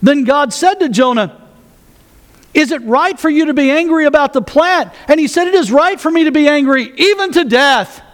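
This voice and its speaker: A man's voice: extremely high pitch, expressive, normal speed. A man pastor preaching a sermon, folksy with joking asides, reading scripture aloud.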